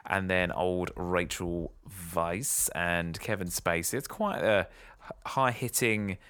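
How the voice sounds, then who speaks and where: A man's voice: deep voice, fairly even intonation, slow, fairly bright tone, clean tone, dry recording. A man hosting a podcast, casually chatting about a movie, musing and hesitant while he thinks. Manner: musing, hesitant when guessing. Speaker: podcast host. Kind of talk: casual film review chat.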